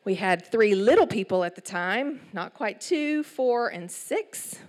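A middle-aged woman with an East Texas accent, preaching a sermon in an animated storytelling way with asides. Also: mid-range voice, unhurried. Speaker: church speaker.

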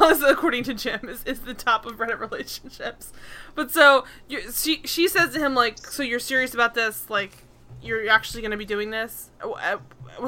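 A woman co-hosting a casual chat, retelling a sitcom episode in an animated, exasperated way. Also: fairly high pitch. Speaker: podcast co-host recapping a sitcom.

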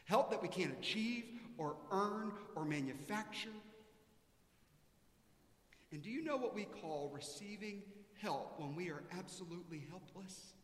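A man with a high voice preaches a sermon in a large church. His lively storytelling swings from loud, high-pitched bursts down to hushed, earnest lines, and his voice rings out with a long echo through the hall. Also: a little slow. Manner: storytelling, voice rising high and loud in the joke, dropping soft for emphasis. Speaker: pastor.

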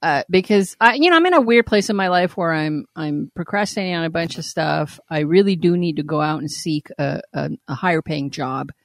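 A woman co-hosting a podcast in casual chat, teasing her partner with quick reactions. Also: low-pitched, no room sound, studio quality. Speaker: podcast co-host.

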